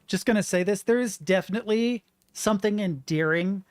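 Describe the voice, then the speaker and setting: An American let's play host in his thirties rambles frankly while commentating on a game he's playing, his high voice brisk. The recording is dry with clean studio sound.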